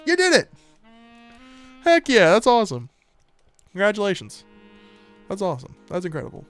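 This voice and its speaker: A man streaming live and chatting casually with his viewers, joking and laughing as he plays. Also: high voice. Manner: joking, talks to chat, lively bursts of laughter.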